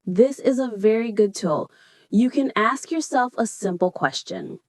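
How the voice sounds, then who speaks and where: A woman leads a scripted English lesson, taking her time over each phrase. Her voice sits at a middle pitch and every word comes out clear and deliberate. The sound is close and dry, with no room around it. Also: no room sound. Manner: slow, clear, deliberate delivery. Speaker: English teacher. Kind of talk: scripted teaching dialogue.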